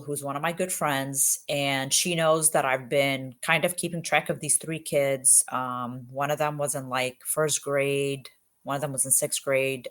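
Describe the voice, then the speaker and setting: A woman police officer from Egypt, telling her stories in an interview with earnest emphasis and quick bursts of speech. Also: rumbling low. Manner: earnest, emphatic, fast bursts with many fillers. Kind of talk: candid interview storytelling.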